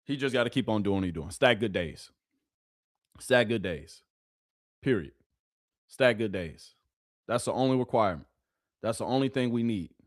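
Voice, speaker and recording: This lowish male voice moves at a moderate pace with long pauses, recorded dry and close with no echo. He hosts a live stream, chatting to his viewers in an animated, repetitive way as casual commentary.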